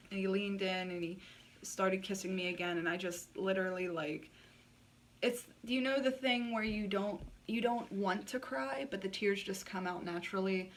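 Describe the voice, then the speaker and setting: A woman's voice: medium pitch, distant mic, slight background noise. A woman vlogger telling a personal story in a blunt, candid way, swearing freely and saying "like" a lot. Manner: blunt and frank, swears freely, many filler likes.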